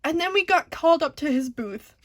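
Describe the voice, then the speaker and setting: A bubbly young woman with a high voice chats into a close camera mic about her day, laughing often and fangirling. The sound is dry and close, with no room echo. She comes across as jittery and excitable. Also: brisk. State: jittery on caffeine. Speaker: diamond painting vlogger. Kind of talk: casual storytelling chat.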